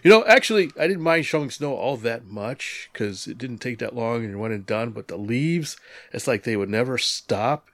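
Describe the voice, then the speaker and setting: A man co-hosting a hobby podcast, chatting casually, animated and joking with frequent laughs. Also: medium pitch, moderate pace, no echo. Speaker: podcast co-host. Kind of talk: casual chat.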